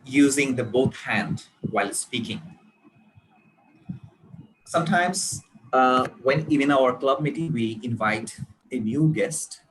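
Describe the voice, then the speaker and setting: A man with a Bangladeshi English accent gives a talk on public speaking, taking his time and pausing often with hesitant fillers. He leans on key words to stress them. His voice sits at an ordinary pitch, and a faint hum runs underneath. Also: poor audio. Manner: deliberate, with many pauses and hesitations.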